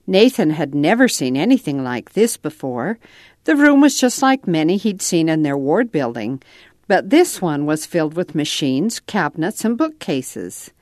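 A woman narrating a children's storybook aloud in an expressive, lilting manner. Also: low-pitched, a little slow, dry recording, clean studio sound.

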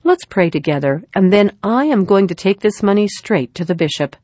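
A woman voicing a gentle, worried young mother who speaks softly in a storybook reading. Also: medium pitch, lively intonation, normal speed, no room sound, natural voice. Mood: earnest. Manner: gentle, soft-spoken.

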